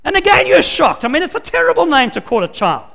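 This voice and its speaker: A man preaching a sermon, telling the story in an animated and emphatic way and acting out the scenes. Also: extremely high pitch, fast talker, vocal fry. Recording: long hall reverb.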